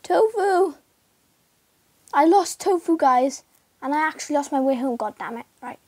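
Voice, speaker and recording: A woman chatting casually through her gameplay video, excitable and yelping as she plays. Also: high voice, moderate pace, dry recording. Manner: excitable, calls out and yelps while playing. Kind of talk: casual game commentary. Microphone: screen recorder mic.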